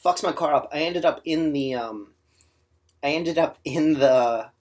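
A man's voice: fairly high pitch, unhurried, darkish tone. A young man in casual podcast chat, blunt and swearing freely as he tells a story.

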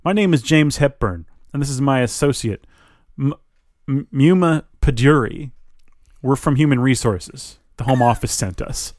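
A man's voice: medium pitch, moderate pace, darkish tone, no room sound, studio quality, lightly acted. A man reading aloud as a thin, stern young corporate HR man with stiff, formal phrasing.

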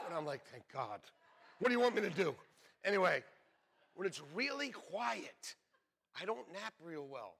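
A man's voice: sits high, normal speed, vocal fry, husky. A middle-aged man preaching a sermon, telling jokey stories with laughs along the way. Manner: joking, animated storytelling with laughs. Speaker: pastor. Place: church sanctuary.

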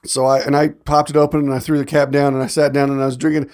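A man's voice: medium pitch, quick pace, smooth. A man chatting casually on a podcast, telling stories with lots of laughter. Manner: animated storyteller, laughs often. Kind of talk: casual chat.

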